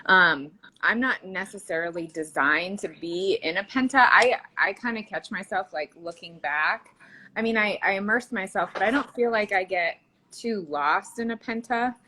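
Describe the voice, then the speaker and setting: A woman's voice: mid-range voice, moderate pace, bright, forceful tone, rough recording. A woman co-hosting a podcast in casual chat, chatty and laughing often, with many fillers. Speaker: podcast co-host.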